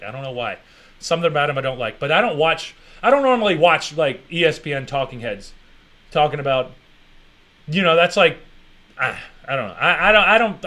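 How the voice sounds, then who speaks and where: A man live-streaming a reaction commentary, swearing freely and mocking, with sudden loud outbursts. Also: a little high.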